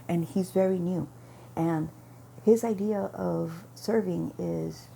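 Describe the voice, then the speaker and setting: A woman with a low, heavily gravelly voice and a dark, mellow tone tells a casual vlog story. She rambles, backtracks and corrects herself as she goes. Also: steady tone, takes it slowly, slight background noise. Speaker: vlogger. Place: at home with her dog nearby.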